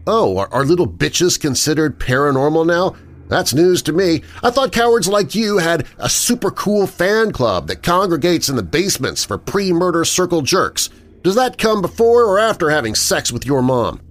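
A man's voice: a little high, big pitch swings, moderate pace, pitched above the performer's own voice. A male narrator voicing the story's hero, a hot-headed, sarcastic young man. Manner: sarcastic and exasperated.

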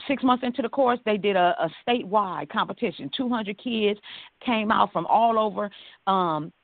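A woman from Los Angeles speaks, telling her story as a guest and acting out the dialogue with lively energy. Her voice has a gravelly rasp. The audio is dry and narrow, like a phone line. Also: medium pitch, moderate pace, dry recording. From Los Angeles, California. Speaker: guest, hairstylist and author. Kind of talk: storytelling interview.

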